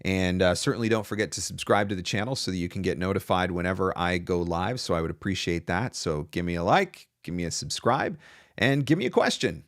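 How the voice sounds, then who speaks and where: A man with a fairly low voice talks through a live advice stream, loose and conversational, often restarting his sentences. The sound is dry and close, with no room around it. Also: a little fast, fairly bright tone, dry recording. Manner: chatty, loose, with fillers and restarts. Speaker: voice over business coach hosting a live Q&A.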